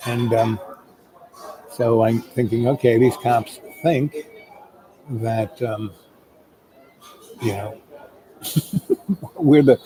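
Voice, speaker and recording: A man's voice: medium pitch, dark tone, slight background noise, poor audio. A middle-aged man telling a long anecdote in a loose, rambling way, full of fillers. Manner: rambling, full of "um" and "you know". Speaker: storyteller. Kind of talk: casual spoken anecdote. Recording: crowd chatter in the background.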